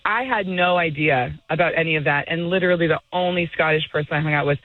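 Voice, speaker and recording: A woman's voice: low voice, fast, no room sound. A middle-aged woman guest in a casual phone interview, rambling and laughing with many fillers. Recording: tinny phone line.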